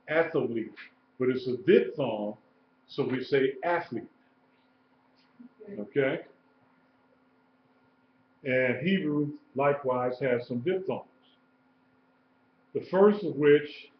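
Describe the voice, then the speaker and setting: Slow-talking man teaching in an echoey room. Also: medium pitch, slight background noise. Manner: slow, explanatory, repeats key points. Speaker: Hebrew teacher. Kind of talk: live-streamed classroom lesson. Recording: echoey room, dull lo-fi sound.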